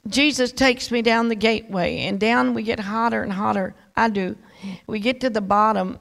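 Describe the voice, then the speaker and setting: A woman's voice: fairly high pitch, vocal fry. A woman evangelist giving a sermon testimony, rambling and dramatic, with many restarts, and speaking straight to a pastor in the audience.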